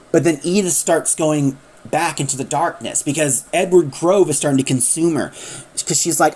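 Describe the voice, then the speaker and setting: Woman, casual plot recap, low voice, rambling delivery. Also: normal speed, a little mellow, breathy edge. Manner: rambling, with many "like"s. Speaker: audio drama recapper.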